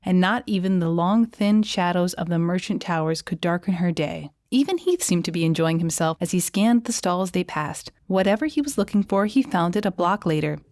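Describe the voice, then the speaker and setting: A woman narrating a fantasy romance audiobook in an even, measured storytelling manner. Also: on the low side, no echo, clean studio sound. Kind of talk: scripted narration.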